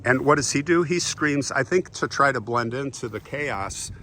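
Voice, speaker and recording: Animated male history storyteller. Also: medium pitch, normal speed, slight background noise. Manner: animated, acts out quotes in passing. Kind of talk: casual dramatic retelling.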